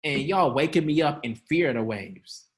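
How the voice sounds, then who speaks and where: A man's voice: fairly high pitch, brisk, close to an everyday voice. A man putting on an exasperated, slangy Jesus. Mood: mocking. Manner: blunt, slangy, mock-outraged scolding. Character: exasperated Jesus scolding his fearful disciples, man.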